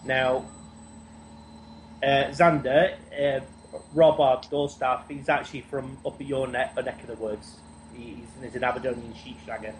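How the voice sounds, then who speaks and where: A man's voice: medium pitch, little pitch movement, moderate pace, slight background noise, poor audio. A man on a podcast call telling a long, rambling anecdote, tripping over repeated words. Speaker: podcast co-host. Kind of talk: casual chat. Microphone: Skype call.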